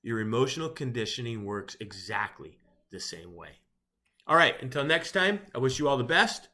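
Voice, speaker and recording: A man's voice: medium pitch, very animated, moderate pace, pushed and bright. Middle-aged chaplain guy, wry and chatty, voice bounces around a lot. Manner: conversational, wry, chuckles at his own jokes. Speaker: chaplain speaking to first responders. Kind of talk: motivational talk to camera.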